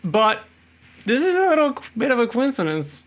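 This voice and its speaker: A man co-hosting a podcast, chatting casually and acting out quotes in a raised voice. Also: moderate pace. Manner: animated, acts out quotes in a higher voice. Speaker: podcast co-host. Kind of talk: casual chat.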